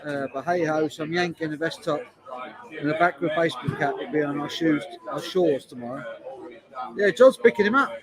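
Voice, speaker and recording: A man's voice: a little high, moderate pace, rough recording. A man with a London accent, chatting casually on a live stream and reading viewers' comments aloud, often repeating himself. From Hertfordshire, England. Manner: chatty, repeats lines, reads chat aloud. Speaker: beer vlogger streaming live. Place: busy bar taproom. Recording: loud bar crowd behind voice. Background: crowd chatter in a bar.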